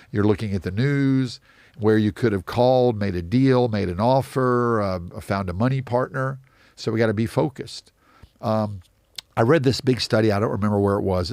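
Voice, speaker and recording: A man's voice: fairly low pitch, vocal fry, darkish tone, no echo, clean studio sound. A middle-aged man, a real estate investor, answering interview questions in an emphatic, motivational way that repeats key phrases.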